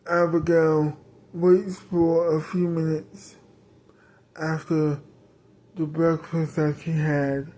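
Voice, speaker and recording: Woman rambling thru a made-up story, slow and low-ish, lots of ums. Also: warm tone. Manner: rambling, many fillers and restarts. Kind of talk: improvised story narration.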